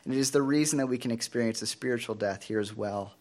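A man with a medium-pitched, slightly mellow voice preaches in a measured, earnest manner, addressing rhetorical questions to the congregation.

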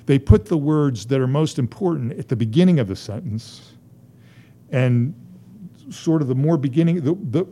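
A man's voice: medium pitch, mellow. A man preaching a sermon as a pastor, driving his points home through emphatic, rising repetition.

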